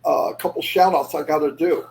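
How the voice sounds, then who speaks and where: A man's voice: fairly high pitch, steady tone, a little fast, a little mellow, low-quality recording. A man chatting casually on a livestream, rambling and losing his thread, often moving on with "anyway". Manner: says "anyway" often to move on. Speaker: livestream host.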